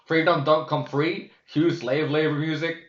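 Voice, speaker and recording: A man's voice: a little high, flat delivery, moderate pace. Profane, rambling man in a roomy space. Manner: profane, candid, heavy with fillers and restarts. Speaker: vlogcast host. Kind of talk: casual rambling monologue. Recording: roomy, slightly dull sound.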